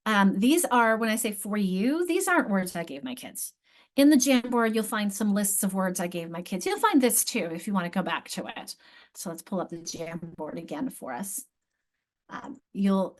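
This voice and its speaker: Woman teacher explaining stuff on a slide, keeps restarting and fixing herself, middle-aged. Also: medium pitch. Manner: explanatory, self-correcting with frequent restarts. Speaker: literacy teacher leading a training session. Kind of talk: online teacher training workshop.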